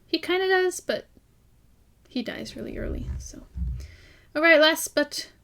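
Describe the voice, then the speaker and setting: A woman's voice: very high-pitched, animated, a little slow, vocal fry, a bit bright. A young woman from Ireland chatting casually and enthusiastically in a fan review vlog, laughing often. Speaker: vlogger.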